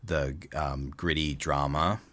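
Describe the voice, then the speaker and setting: A middle-aged man with an Australian accent chats at length in a podcast interview. His voice sits very low. He rambles easily, full of fillers and restarts. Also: steady tone, takes it slowly, a bit bright. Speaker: voice actor guest.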